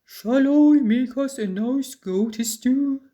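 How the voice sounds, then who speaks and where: A woman voicing a bumbling, timid male troll in a read-aloud storybook. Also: slow. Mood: eager. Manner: loud, high, strained voice.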